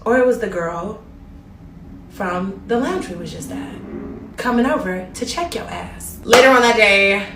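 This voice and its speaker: In a roomy recording with a noisy background, a young woman sits far from the mic and gossips about a trip. Her mid-range voice moves at a measured pace as she talks animatedly and directly to her viewers.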